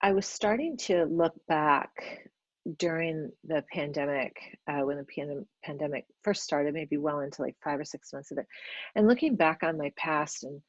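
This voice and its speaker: Low-voiced lady chatting about astrology, gentle and reassuring, lots of ums, dry slightly muffled audio. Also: no echo. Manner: gentle, encouraging, many ums and pauses. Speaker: astrologer and podcast host. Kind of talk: casual spoken astrology reflection. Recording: slightly dull, dry recording.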